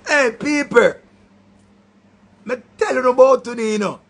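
A man with a Jamaican accent ranting loudly in a commentary, throwing insults in patois. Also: very high-pitched, unhurried, vocal fry. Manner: loud, insulting rant in patois. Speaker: online commentator.

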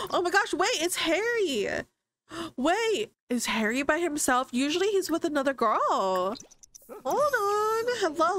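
A young woman casually commenting on a life-simulation game, chatty and excitable, often voicing her characters' thoughts. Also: high voice. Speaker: gaming streamer. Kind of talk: casual let's-play commentary.

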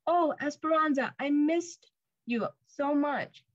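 A woman reading a storybook, voicing a kind young heroine who speaks softly and pleadingly in a higher voice. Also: lively intonation, normal speed, no room sound, highs cut off.

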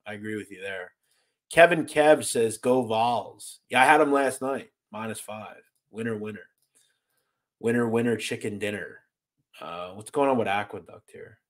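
Blunt, lively American host on a livestream. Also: male voice, on the low side, normal speed. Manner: blunt, swears freely, animated and exasperated. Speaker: host reading live chat. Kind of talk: casual livestream chat.

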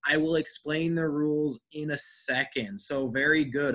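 Slow, bright-voiced male teacher. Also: fairly high pitch. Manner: slow, careful enunciation with encouraging feedback. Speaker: English pronunciation teacher. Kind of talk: online class instruction.

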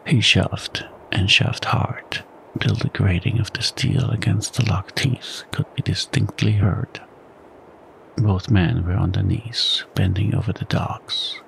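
A man narrating an audiobook as whispered role-play, soft-spoken and calm. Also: fairly low pitch, gravelly, slight background noise, poor audio.

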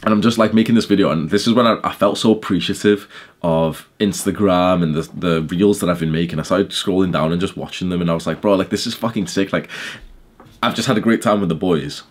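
Young guy vlogging quick, deep low voice, loads of likes and swearing, just telling a story. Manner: fast, chatty, swearing, lots of "like" fillers. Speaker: YouTuber. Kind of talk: casual vlog storytelling.

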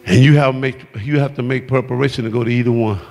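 A man preaching a sermon, shouting and calling out to the congregation in a church. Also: medium pitch, steady tone, fast talker. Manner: shouting, exuberant preaching with call-outs to the congregation. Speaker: pastor. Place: church sanctuary. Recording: long hall reverb.

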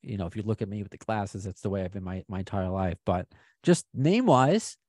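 A man's voice: fairly low pitch, expressive, fairly quick, darkish tone, no echo, studio quality. A man from Long Island hosting a podcast, chatting with a guest in an enthusiastic, joking way. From Long Island, New York. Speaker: podcast host. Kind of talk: casual podcast chat.

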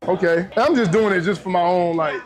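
A man's voice: high-pitched, a little fast. A man chatting in a laid-back, slangy way while working a shift on camera. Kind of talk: casual vlog banter.

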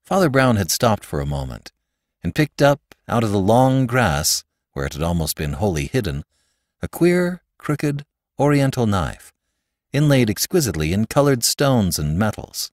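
A man narrating a classic short story in an expressive, dramatic reading style. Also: fairly low pitch, normal speed, dry recording, studio quality. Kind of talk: scripted audiobook narration.

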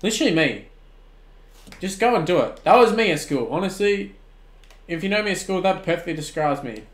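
An Australian man in his twenties streaming a football video game, shouting at the plays and then chatting casually with viewers. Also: sits high, a little fast, reverberant. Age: 20s. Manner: excitable, swings from shouting at the game to relaxed chat. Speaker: gaming streamer. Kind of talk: live-stream commentary and chat replies.

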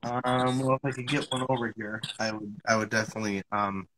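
A man's voice: lowish voice, completely flat delivery, a little fast, pushed and bright, slight background noise, rough recording. A man hosting a casual podcast interview, asking questions with many hesitations and restarts. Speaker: podcast host.

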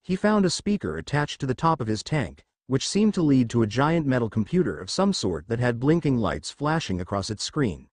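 A man narrating a fan fiction story in a steady storytelling manner. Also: mid-range voice, normal speed, hardly any pauses, no echo, clean studio sound. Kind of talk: fan fiction audiobook reading.

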